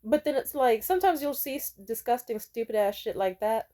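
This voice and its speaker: A woman's voice: a little high, lively intonation, fairly quick, dark tone. A young woman telling candid stories in a vlog, frank and profane, and she slips into mocking voices to quote people. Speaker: vlogger. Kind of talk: candid storytelling monologue.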